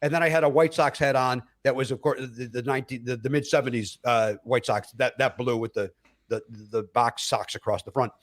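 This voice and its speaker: A middle-aged man, a comedian guest, telling stories in an animated way and acting out other people's voices. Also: medium pitch, a little fast. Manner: acts out other people's voices, with many fillers and laughs. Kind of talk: animated comic storytelling.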